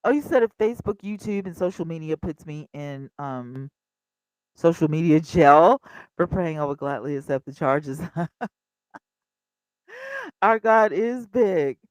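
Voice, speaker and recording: A woman in her fifties hosting a casual livestream, chatty and animated, talking straight to her viewers. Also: sits low, a little slow, long pauses, smooth, no echo, rough recording. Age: 50s. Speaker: livestream host.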